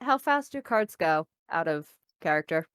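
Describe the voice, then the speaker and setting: A woman's voice: sits low, lively intonation, normal speed, fairly bright tone, clear, resonant tone, no echo. A woman playing a tabletop game online, upbeat and full of questions for the group. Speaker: player.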